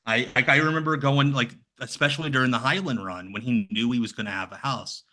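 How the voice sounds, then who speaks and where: A man chatting casually as a podcast guest, rambling and slipping into lively impressions of other people. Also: mid-range voice, fast. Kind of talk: casual chat.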